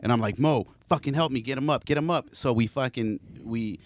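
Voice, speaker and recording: A man casually telling a story to friends on a podcast, animated and profane, acting out what people said. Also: mid-range voice, a little fast. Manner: animated, profane, acts out quoted voices. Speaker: podcast co-host.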